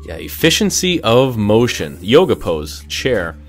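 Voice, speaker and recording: A man's voice: fairly low pitch, sing-song, a little slow, soft background music. A man coaching a burpee workout in an upbeat, jokey way, sometimes out of breath. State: out of breath at times. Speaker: fitness instructor. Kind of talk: workout instruction.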